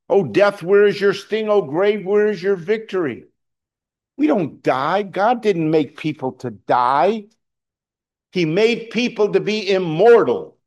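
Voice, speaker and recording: Male pastor, middle-aged, slightly high voice; casual preaching style, restarts, swells to loud emphasis. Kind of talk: sermon.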